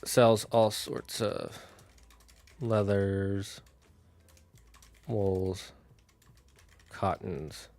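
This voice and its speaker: A man thinking aloud on a casual solo stream, building out a fantasy town with halting, restarting speech. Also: fairly low pitch, steady tone, darkish tone.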